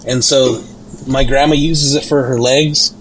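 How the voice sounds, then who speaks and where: A man's voice: medium pitch, fairly even intonation, a little slow, slight background noise, low-quality recording. A young man in a casual podcast chat, easygoing and explaining things with lots of fillers. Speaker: podcast co-host.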